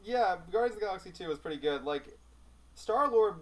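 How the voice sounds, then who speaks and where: A man's voice: high voice, a little fast. Rambling, casual male podcast host. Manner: relaxed, rambling, with frequent "like" fillers. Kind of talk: casual chat.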